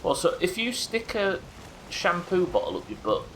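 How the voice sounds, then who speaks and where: A man's voice: sits high, very animated, moderate pace, a little hiss or hum, low-quality recording. A man chatting casually while streaming a game, crude and joking, laughing often. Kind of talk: casual live-stream chat.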